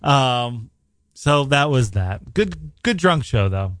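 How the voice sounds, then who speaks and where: A New York podcast co-host talks casually, drifting through long stories and laughing often. His medium-pitched voice is sing-song and a bit bright, and he speaks slowly. There's no room sound in the recording.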